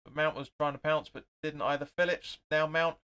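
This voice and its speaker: Excitable man doing watch-along commentary. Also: on the high side, a little fast, clear, resonant tone. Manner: excitable, swears, chats with viewers between play calls. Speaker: host of a live football watch-along.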